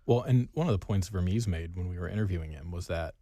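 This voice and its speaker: A man with a very low, mellow voice chats casually about a match. He is dry and wry, and the sound is close and dead with no room echo. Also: quick pace. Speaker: podcast co-host. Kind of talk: casual sports chat.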